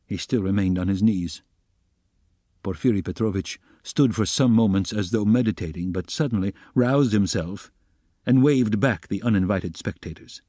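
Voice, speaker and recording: A man narrating a classic novel as an audiobook reader, steady and even. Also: lowish voice, moderate pace, dry recording, studio quality. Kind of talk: scripted narration.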